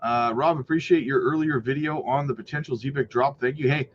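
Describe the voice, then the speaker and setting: A man's voice: mid-range voice, brisk. A man hosting a casual livestream, reading viewer comments aloud in an upbeat, hyped way, full of "you know" and "right". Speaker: crypto livestream host. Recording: slightly muffled with faint noise.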